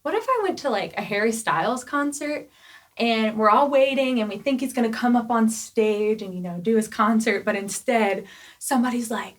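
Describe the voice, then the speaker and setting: A young woman preaching a casual youth sermon, chatty and animated, full of "like" and "right?" asides. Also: on the high side, normal speed. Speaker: youth pastor.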